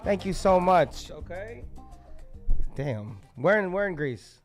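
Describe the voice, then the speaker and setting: A man's voice: high-pitched, sing-song, slow, soft background music. A man hosting an open mic, joking loosely, swearing, and hyping up the next act. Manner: loose, joking, profane, hype. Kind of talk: hyping up the crowd between acts. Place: open mic stage at a community center.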